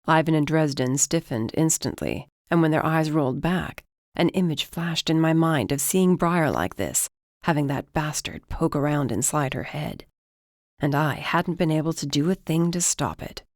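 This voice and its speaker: An audiobook narrator reading a first-person fantasy novel in an even, measured way. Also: mid-range voice, no echo, studio quality.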